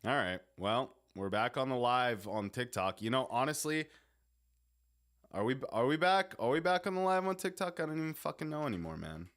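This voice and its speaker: With a medium-pitched, expressive voice and a fairly bright tone, a young live streamer talks casually to his viewers at a normal pace. His chatter rambles, breaks off repeatedly, and is peppered with swearing.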